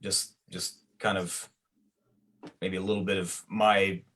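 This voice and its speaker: A man's voice: low-pitched, little pitch movement, takes it slowly, a bit bright. A male musician talking casually in an interview, hesitant and searching for words.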